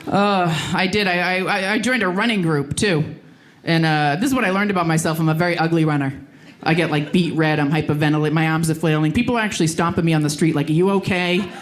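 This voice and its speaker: A woman's voice: low-pitched, fast talker, hardly any pauses. A woman performing a stand-up comedy routine, telling self-deprecating stories about her workouts on a comedy stage.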